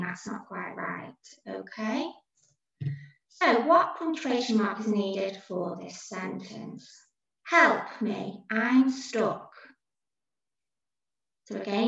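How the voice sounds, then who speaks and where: A woman teacher talks pupils through a recorded lesson, patient and encouraging, going over each answer step by step. Her voice has a gravelly edge. The sound is dull and very echoey, picked up from a distance. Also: medium pitch. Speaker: primary school teacher.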